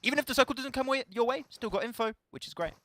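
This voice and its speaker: A young man with a French accent, a French speaker commentating live on a mobile game tournament, playful and laughing easily, climbing into excited calls on big plays. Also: very high voice, racing. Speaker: esports caster.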